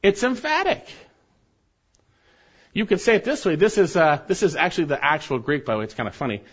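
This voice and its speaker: A man's voice: fairly high pitch, lively intonation, a little fast, slightly rough. A man preaching an expository sermon as pastor in a church, emphatic and repeating key phrases for stress. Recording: dull lo-fi sermon recording.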